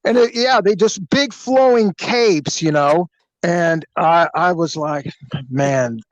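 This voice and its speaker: Man, former detective, slightly high voice, chatty storyteller, acts out voices, dry close sound. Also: slow pace, no room sound, lo-fi sound. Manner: animated, acts out quoted voices. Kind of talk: casual spoken storytelling.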